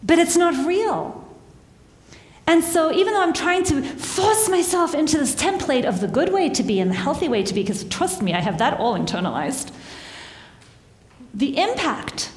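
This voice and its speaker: A woman gives a conversational talk to a live audience, asking them questions and laughing at her own struggles. Her voice sits a little high. It carries through a large hall with a long, echoing tail. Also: very animated, moderate pace. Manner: engaging, asks the audience questions, laughs at herself. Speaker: workshop speaker. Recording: echoey hall with long reverb.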